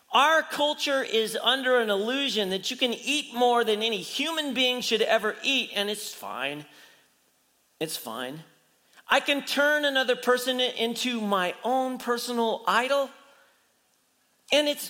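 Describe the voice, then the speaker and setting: A male pastor in full sermon mode, retelling a story and acting out the people in it, with constant rhetorical questions. His voice sits high and rings bright and clear. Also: in a large hall.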